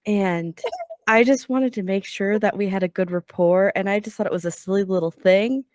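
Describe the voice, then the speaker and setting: A woman's voice: medium pitch, normal speed, no echo, clean studio sound, lightly acted. A woman voicing an upbeat, eager adventurer in a whispered role-play, rambling apologetically. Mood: sheepish.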